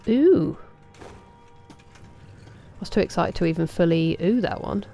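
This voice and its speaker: A woman in her thirties, a game streamer, chatting casually while she plays, answering chat and muttering softly to herself. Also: fairly low pitch, fairly even intonation, quick pace, creaky, faint music behind. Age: 30s.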